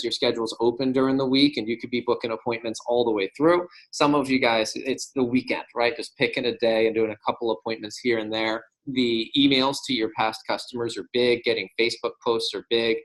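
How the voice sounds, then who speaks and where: Sales manager guy, mid pitch, chatty and upbeat, keeps saying "right?" to the team. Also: a bit bright, poor audio. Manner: casual, tags remarks with "right?"; encouraging, upbeat. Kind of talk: team meeting talk. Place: meeting room with a whiteboard.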